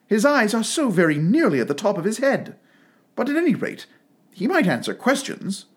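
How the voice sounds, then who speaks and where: A man's voice: very animated, moderate pace, breathy edge, heavily acted. A man voicing a polite, timid young girl in a storybook reading, in a raised, pleading voice. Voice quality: high, pleading.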